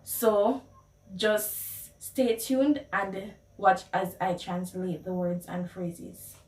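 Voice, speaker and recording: A woman's voice: medium pitch, very slow, a little mellow. A Jamaican woman hosting a casual language lesson, playfully repeating phrases. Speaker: video host. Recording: echoey room, mic at a distance.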